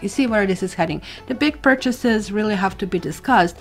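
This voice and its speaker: A woman's voice: medium pitch, a little fast, few pauses, faint music behind. A woman giving a casual monthly tarot reading, rambling and correcting herself as she talks straight to the viewer. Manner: chatty, rambling with asides and self-corrections. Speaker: tarot reader. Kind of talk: casual astrology reading to camera.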